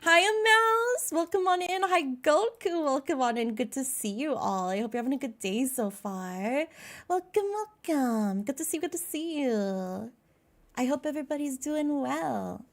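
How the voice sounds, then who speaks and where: A woman's voice: high voice, animated, unhurried. A young American woman streaming live, chatting casually, greeting viewers by name and laughing at herself. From United States.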